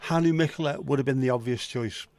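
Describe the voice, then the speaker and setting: Bloke chatting away on a live stream, saying hi to everyone by name, dry close mic, mid voice. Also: male voice, medium pitch, quick pace, a little mellow, dry recording. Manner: chatty, greets viewers by name, jokey. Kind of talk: casual watch-along chat.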